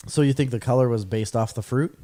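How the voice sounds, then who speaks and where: Male co-host, mellow voice, goofy and teasing, quick to laugh. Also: medium pitch. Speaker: podcast co-host. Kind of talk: casual chat.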